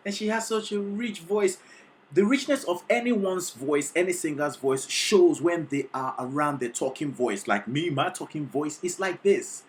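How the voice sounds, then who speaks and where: A vocal coach reacting to a singing performance, excitable and teacherly, often checking in with the listener. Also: mid-range voice, moderate pace. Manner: excitable, sings short demonstrations between explanations; teacherly, keeps checking in with "okay?". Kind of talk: reaction video commentary.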